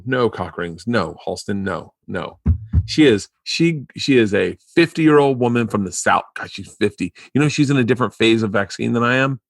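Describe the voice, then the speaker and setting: A man hosting a podcast in casual chat, telling rambling, profane, excitable stories into a studio mic. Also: medium pitch, normal speed, creaky, no room sound. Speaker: podcast host.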